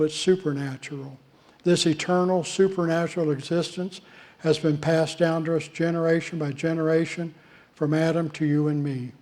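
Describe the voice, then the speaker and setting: Male pastor, unhurried sermon delivery with deliberate pauses, warm and soft timbre. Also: a little high. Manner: measured preaching with deliberate pauses. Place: church.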